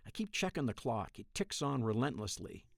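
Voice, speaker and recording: A man in his thirties narrating a first-person dream story in a wry, profane, deadpan way. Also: mid-range voice, normal speed, gravelly, dry recording, studio quality. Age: 30s.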